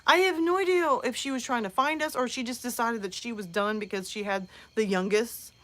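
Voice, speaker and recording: A mother hosting a live show, telling a comic story in a lively, chatty way with lots of fillers. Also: a little high, brisk. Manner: animated, many "like" fillers, acts out voices.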